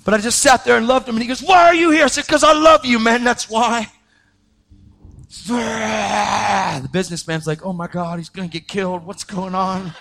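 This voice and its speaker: High-voiced animated man preaching. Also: moderate pace, vocal fry. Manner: animated, acts out quoted voices, pitch jumping up when excited. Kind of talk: sermon testimony storytelling.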